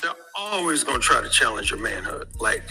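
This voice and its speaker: A man telling a crude, animated personal story to an audience from a stage. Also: mid-range voice, brisk, soft background music, poor audio. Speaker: speaker.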